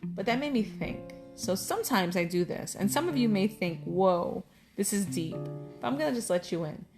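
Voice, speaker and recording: A woman's voice: mid-range voice, animated, moderate pace. Middle-aged lady vlogging, candid and heartfelt, rambly with lots of ums, music playing behind her. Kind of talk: casual personal talk to camera.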